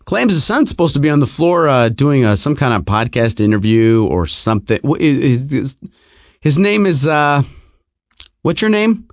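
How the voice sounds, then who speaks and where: A man's voice: medium pitch, big pitch swings, normal speed, no echo, clean studio sound, voice pushed down. A man doing a hesitant front-desk guy. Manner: hesitant, full of uhs. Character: flustered male front-desk staffer.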